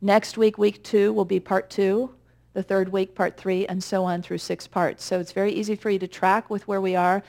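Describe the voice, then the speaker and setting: A woman minister giving a conversational, gently humorous sermon with reflective pauses. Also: medium pitch, level tone, gravelly.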